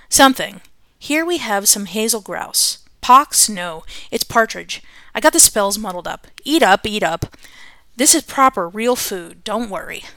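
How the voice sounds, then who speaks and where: A woman's voice: mid-range voice, vocal fry, a bit bright, dry recording. A woman reading aloud the lines of a hulking, hairy male beast who jovially fusses over his guest, in a dry, close recording.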